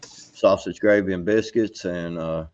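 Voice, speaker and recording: A relaxed, folksy man chatting in a casual group. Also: low-pitched, a little slow. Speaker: chat participant. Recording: dull lo-fi sound.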